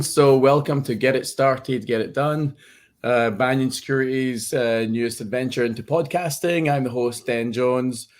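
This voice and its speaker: A Scottish man hosts a podcast in a relaxed, conversational way. He sounds friendly and chatty, often restarting his sentences. His voice sits at an ordinary middle pitch. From Scotland. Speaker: podcast host. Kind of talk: casual interview chat.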